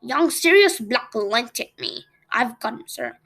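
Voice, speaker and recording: Gentle giant man who sobs and stammers, woman reading, slightly high, gravelly edge. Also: big pitch swings, measured pace, full character voice. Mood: eager. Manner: stammering, sobbing.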